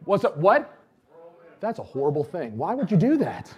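A man gives a casual, conversational sermon and speaks in a high voice. His pitch rises and falls a lot as he tells stories. He fills his talk with casual fillers and drops from loud bursts to near-whispered asides. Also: moderate pace, slightly rough, dull audio. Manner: animated, storytelling, swings from loud to hushed; chatty with many fillers. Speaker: preacher.

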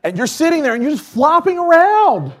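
A man gives a casual, conversational sermon and speaks in a high voice. His pitch rises and falls a lot as he tells stories. He fills his talk with casual fillers and drops from loud bursts to near-whispered asides. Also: brisk. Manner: animated, storytelling, swings from loud to hushed; chatty with many fillers. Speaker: preacher.

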